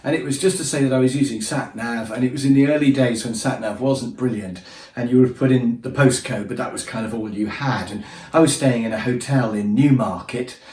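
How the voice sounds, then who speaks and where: A man with a mid-range, slightly mellow voice talks a little fast as he tells travel stories in a chatty, self-deprecating way, acting out the funny bits. It's casual anecdote telling, recorded from a distance in an echoey room.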